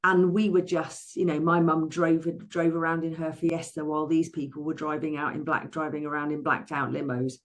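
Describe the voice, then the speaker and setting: Speaking in a low voice at normal speed with hardly any pauses, this Englishwoman in her sixties recounts her life as an interview guest. She works as a therapist and money coach, and her telling is animated, full of restarts and playfully performed quotes.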